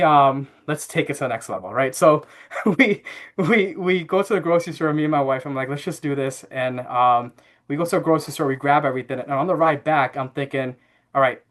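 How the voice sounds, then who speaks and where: A man in his thirties telling a family story as a podcast guest, relaxed and chatty with fillers. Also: mid-range voice. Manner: animated anecdote-telling with frequent fillers and laughs. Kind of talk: casual interview storytelling.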